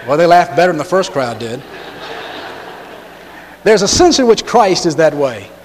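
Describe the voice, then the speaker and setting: A man preaching a sermon and telling a story along the way, now and then acting out lines with sudden loud bursts. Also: on the high side, big pitch swings, moderate pace, a little hiss or hum. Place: church. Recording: long hall reverb.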